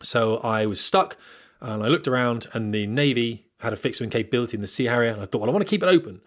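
A man talks straight to his viewers at a brisk clip, sharing blunt career advice from his flying days. His delivery is candid and rambling, full of fillers, restarts and asides. His voice sits in an ordinary middle register. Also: medium pitch. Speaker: former military pilot giving career advice. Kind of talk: casual monologue to viewers.

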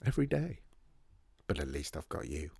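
A man voicing a gentle, wry widowed father who talks tenderly to his small daughter in a storybook. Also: extremely low pitch, very animated, moderate pace, creaky, husky, no room sound, clean studio sound, pitched below the performer's own voice, exaggerated voice. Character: gentle widowed father, middle-aged, fond.

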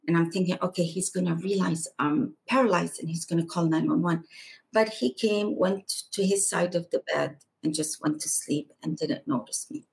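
A woman guest on a podcast, earnestly recounting a personal testimony and going hushed for the quieter moments. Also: fairly low pitch, vocal fry, slightly rough.

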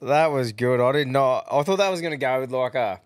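A man's voice: mid-range voice, a little fast, no echo. An Australian man in his thirties co-hosting a podcast, chatting in a laid-back, blokey way and swearing freely. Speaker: podcast co-host. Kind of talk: casual banter.

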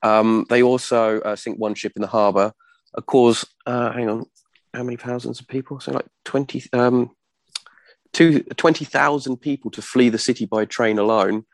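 A man giving an informal history talk from notes to a small audience, halting often with ums and self-corrections. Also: medium pitch, steady tone, no echo. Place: room with a small live audience.

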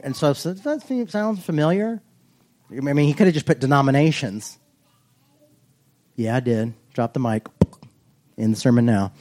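A male pastor preaching in a loose, conversational way, cracking jokes at his own expense. His voice is mellow and relaxed and sits in an ordinary middle register. He slows right down when reading verses aloud. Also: mid-range voice. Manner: chatty, self-joking, reads scripture slowly and deliberately. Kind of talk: casual humorous sermon.

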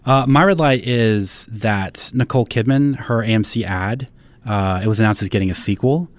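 A man co-hosting a pop-culture podcast, talking in a deadpan, mock-serious way. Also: on the low side, normal speed, dry recording. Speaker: podcast co-host. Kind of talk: casual pop-culture chat.

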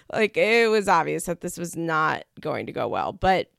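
Chatty young woman host, gravelly fry, dry close recording, laughs often. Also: fairly low pitch, no echo. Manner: chatty, laughing, animated quoting of others. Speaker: podcast host recapping a reality show. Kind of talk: casual chat.

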